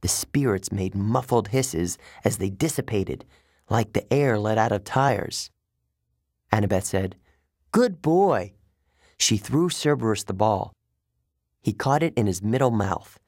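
A man giving steady, measured first-person audiobook narration. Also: fairly low pitch, dry recording, clean studio sound.

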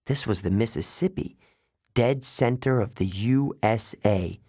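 A man reading a first-person story aloud as an audiobook narrator, with tense, steady storytelling. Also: lowish voice, a little slow, dry recording, studio quality.

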